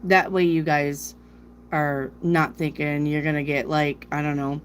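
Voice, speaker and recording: Slow-talking tarot reader woman, northern US accent. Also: low voice, little pitch movement, a little hiss or hum. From South Dakota. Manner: chatty, rambling, reads viewer questions aloud. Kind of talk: live-stream chat with viewers.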